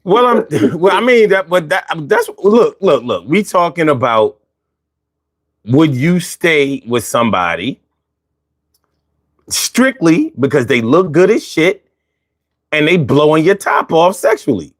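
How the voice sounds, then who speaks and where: Lively stammering male host. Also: fairly high pitch, measured pace, long pauses, no room sound, clean studio sound. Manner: animated, repeats himself, stammers. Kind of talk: casual discussion chat.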